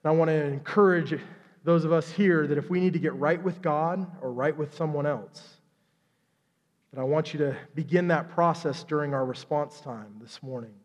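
Animated preaching man in a reverberant church. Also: a little high. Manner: animated storytelling, acts out characters in quick voices. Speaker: pastor. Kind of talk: sermon. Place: church sanctuary.

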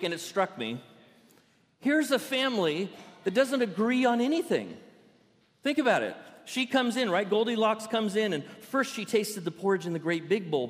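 Playful pastor, lightly raised voice, church sermon with a long hall echo. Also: male voice, high-pitched. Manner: playful, animated storytelling preacher. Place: church sanctuary.

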